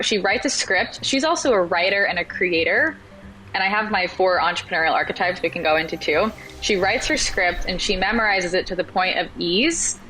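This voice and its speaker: A woman's voice: mid-range voice, bright, forceful tone, slight background noise, low-quality recording. A woman guesting on a podcast, chatting casually and telling stories with lots of "like" and acted-out quotes. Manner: chatty storyteller, acts out quoted voices, says "like" often. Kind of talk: casual interview chat.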